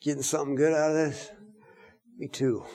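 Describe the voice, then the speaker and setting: A man preaching a sermon, animated, swinging between loud emphatic lines and hushed asides. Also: a little high, moderate pace.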